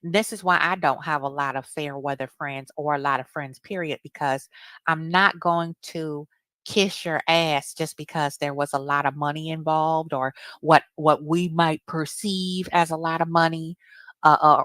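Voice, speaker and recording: A woman's voice: low voice, fairly even intonation, unhurried, fairly bright tone, no room sound. A woman delivering a blunt, indignant commentary rant, often repeating herself. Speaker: commentary streamer. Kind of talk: reaction rant.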